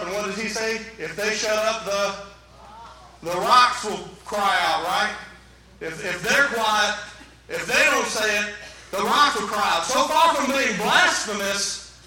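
A man's voice: sits high, bright, forceful tone. A man preaching a sermon to his church, folksy and joking with the congregation. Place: church sanctuary. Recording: echoey church from a distance, faint noise.

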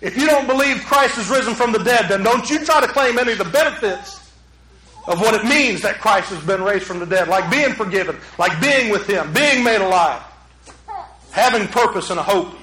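A man preaching a sermon as a pastor, swinging from loud urgent peaks to hushed low passages. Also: expressive, normal speed, reverberant, low-quality recording.

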